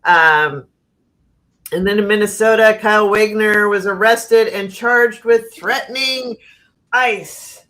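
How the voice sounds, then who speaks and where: Middle-aged American woman host, blunt, animated storyteller who laughs often, casual livestream chat over a video call. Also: mid-range voice, slow. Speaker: channel host.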